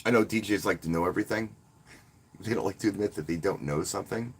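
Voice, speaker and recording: A man's voice: lowish voice, fast talker, slightly rough. A man who works as a wedding DJ, casually talking to viewers on a live stream in a rambling, friendly way and often restarting his words. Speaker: wedding DJ and channel host.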